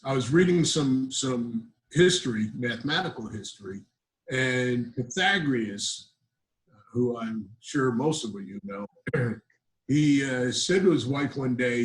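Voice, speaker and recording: An older man, a grandfather, doing a stand-up set over a video call in a dry, deadpan storytelling manner. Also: medium pitch, unhurried, poor audio. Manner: deadpan storyteller with self-deprecating asides. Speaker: comedian.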